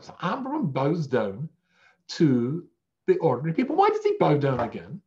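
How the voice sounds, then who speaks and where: A man's voice: on the high side, huge pitch swings, moderate pace, dark tone, muffled recording. A man teaching a weekly Torah lesson as a rabbi, conversational and self-deprecating. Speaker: rabbi teaching a text class.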